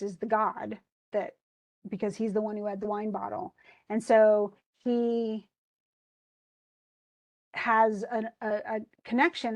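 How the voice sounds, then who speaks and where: A woman teaches a casual literature lesson, retelling a play and paraphrasing it in modern everyday language. Her voice is medium-pitched and a little mellow.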